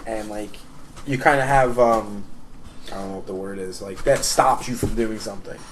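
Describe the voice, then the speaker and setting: A man's voice: fairly low pitch, normal speed. A man in his thirties, a tattoo artist guest, telling rambling, profane stories with frequent laughter in casual chat. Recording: distant mic with crowd noise.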